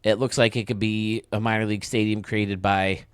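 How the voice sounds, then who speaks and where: Enthusiastic young man, low voice, dry sound. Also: level tone, clean tone, no echo. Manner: enthusiastic and casual, quick praise. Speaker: host. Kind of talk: video game commentary.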